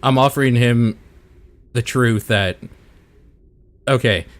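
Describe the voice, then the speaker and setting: A man's voice: medium pitch, slow pace. A man playing a tabletop game, chatting casually and laughing often. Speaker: player.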